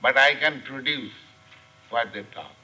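An older man with an Indian accent giving a scripture class lecture, speaking slowly and deliberately with many pauses and fillers. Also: mid-range voice, sharp tone, low-quality recording. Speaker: spiritual teacher. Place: class room.

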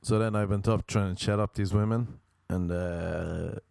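A man's voice: sits low, steady tone, measured pace, gravelly, darkish tone, no room sound, studio quality. A young Irish man with a Cork accent, rambling through a sardonic stand-up story, swearing and acting out voices. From Ireland.

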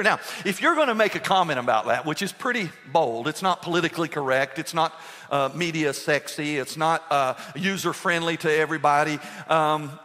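A man's voice: fairly high pitch, fairly bright tone, big-room sound. A man preaching a sermon as pastor, building to impassioned emphasis and slipping into conversational storytelling.

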